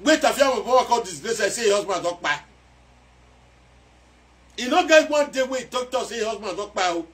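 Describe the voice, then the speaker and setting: A Nigerian man delivers casual, excitable commentary on a song, often repeating his lines for emphasis. His voice sits a little high for a man. He is some distance from the microphone, so the sound is slightly distant. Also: brisk, long pauses. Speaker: music commentator.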